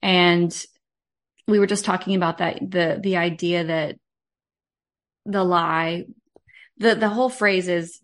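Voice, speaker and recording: A woman's voice: lowish voice, fairly even intonation, slow pace, pauses often. A woman who runs her own business, a podcast guest talking in an earnest, heartfelt way. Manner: earnest and heartfelt, talks about faith. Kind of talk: casual podcast conversation.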